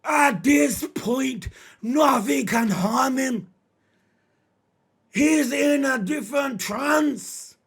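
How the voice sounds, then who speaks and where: A man streaming a live reaction, his voice sitting high as he yells at each new panel. He talks slowly between outbursts, with a gravelly edge to the shouting. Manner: shouting, emotional, swearing, reads panels aloud.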